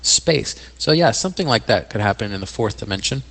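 A man's voice: on the low side, expressive, a little fast, creaky, a bit bright, long reverb tail, poor audio. Dry-voiced male skeptic guest. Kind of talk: casual studio chat. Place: radio studio.

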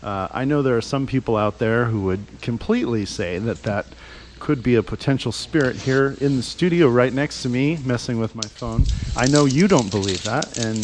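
A man's voice: medium pitch, moderate pace, a little hiss or hum. A man hosting a radio show, chatting loosely in the studio, rambling and laughing as he asks questions. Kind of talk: casual studio chat.

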